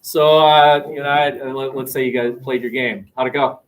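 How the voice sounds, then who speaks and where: A man lecturing a sociology class, animated and acting out quoted voices. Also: mid-range voice, normal speed, low-quality recording. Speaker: sociology teacher.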